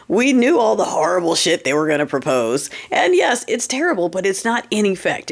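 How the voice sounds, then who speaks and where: Animated, sarcastic woman with a low voice. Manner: animated and sarcastic, swears freely, keeps asking "okay?". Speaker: host of her own political channel. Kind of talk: casual political commentary.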